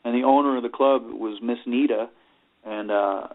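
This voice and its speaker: A man's voice: mid-range voice, fairly even intonation, normal speed. Rambling middle-aged man on a tinny line. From New York. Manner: rambling, leans on "you know", acts out quoted voices. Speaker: interview guest, rock singer. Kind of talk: casual storytelling interview. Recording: tinny phone-like sound.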